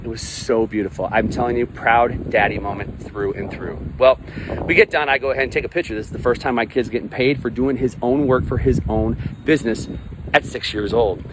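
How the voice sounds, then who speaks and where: Emphatic coach outdoors amid traffic noise. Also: male voice, medium pitch, a little fast. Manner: emphatic, repetitive and blunt, with swearing. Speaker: life coach. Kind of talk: motivational vlog monologue. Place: outdoors by a pond with ducks.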